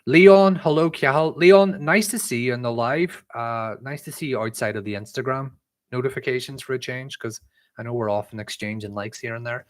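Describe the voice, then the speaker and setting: A man's voice: medium pitch, normal speed. A young man with a mixed Irish accent hosts a casual live-stream Q&A, chatting loosely and reading viewer questions aloud with lots of "um" and "like". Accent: mixed Irish, shifted by living abroad. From Northern Ireland. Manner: chatty and rambling, many "um" and "like" fillers, reads chat messages aloud. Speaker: livestream host answering viewer questions.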